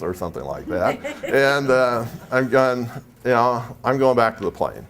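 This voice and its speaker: A man's voice: medium pitch, expressive, a little slow, a bit bright. A man from San Jose, California, telling a chatty, anecdotal story to a live audience as a speaker at a spiritual expo, acting out the dialogue.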